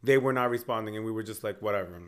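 A man's voice: fairly low pitch, very fast. A man in his thirties co-hosting a podcast, telling stories in a casual, profane, jokey way. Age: 30s. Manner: animated storytelling, profane, jokey. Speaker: podcast co-host. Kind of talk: casual chat.

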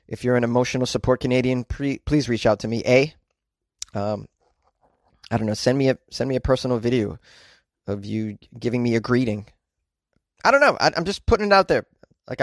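Comedy podcast host, American man, mid-pitched, rambling and jokey, dry close mic. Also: no echo. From United States. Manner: joking, rambling, animated outbursts. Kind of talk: casual comedic monologue.

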